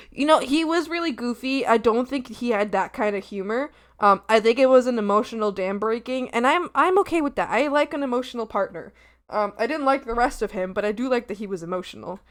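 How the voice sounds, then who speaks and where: A young adult woman chatting casually on a live stream, animated and laughing often as she talks with viewers. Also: fairly high pitch. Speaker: art streamer.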